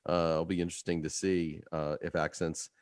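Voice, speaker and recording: A man hosting a radio talk show, talking in a relaxed, rambling way with many fillers. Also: deep voice, fairly quick, smooth, dry recording, clean studio sound.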